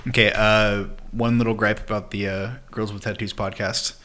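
A man's voice: fairly low pitch, flat delivery, normal speed, pushed and bright. A young man co-hosting a podcast in casual chat, blunt and teasing. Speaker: podcast co-host.

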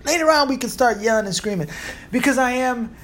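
A Puerto Rican man in his thirties talks alone into a close podcast mic, swearing freely as he rambles and jokes. His voice sits high and swings widely up and down. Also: expressive, a little fast, a bit bright, a little hiss or hum. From Puerto Rico. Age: 30s. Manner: profane, rambling and joking. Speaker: podcast host. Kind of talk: casual monologue.

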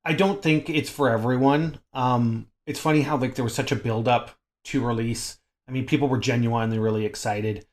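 A man chatting on a gaming podcast in an easy, rambling way. He pads his thoughts with fillers and restarts. His voice sits at a middling pitch. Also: fairly even intonation, moderate pace, hardly any pauses. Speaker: podcast co-host. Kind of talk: casual gaming chat.

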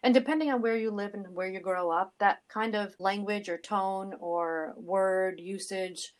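A woman's voice: medium pitch, a little slow. A middle-aged woman co-hosting a casual podcast chat, telling stories animatedly with frequent asides. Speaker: podcast co-host.

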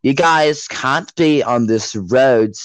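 A man's voice: medium pitch, slow, clear, resonant tone, no room sound, close to an everyday voice. A young man voicing a snippy suburban wife in a put-on stereotype accent, scolding and bossy.

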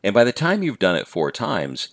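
A man's voice: on the low side, wildly swooping pitch, normal speed, dry recording. A middle-aged man hosting a podcast, giving an earnest talk on patience in numbered points. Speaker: podcast host and teacher-coach.

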